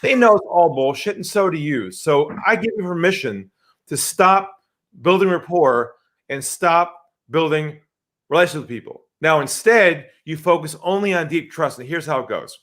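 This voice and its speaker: A man speaking as a sales expert guest in a podcast interview, animated and emphatic. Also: a little high, moderate pace. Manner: animated, acts out quoted voices, emphatic.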